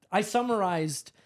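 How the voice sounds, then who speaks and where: A man riffing crudely and at length in a casual comedy podcast chat. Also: high voice. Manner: rambling, crude, deadpan riffs. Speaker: podcast co-host or guest.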